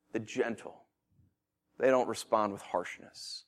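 Male preacher, high, very expressive pitch; dramatic sermon delivery with rhetorical questions. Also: normal speed. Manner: animated, rhetorical questions, swings from quiet to loud.

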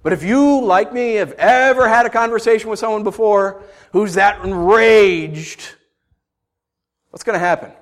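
Animated high-voiced male preacher. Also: unhurried. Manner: animated storytelling with shouted bursts and rhetorical questions. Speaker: pastor. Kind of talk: sermon.

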